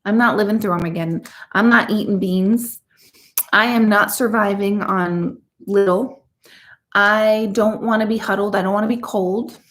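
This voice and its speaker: A middle-aged woman hosting a live chat stream, talking casually to her viewers and slipping into quick mock voices. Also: mid-range voice. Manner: chatty and animated, does quick mock voices. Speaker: host of a live chat show.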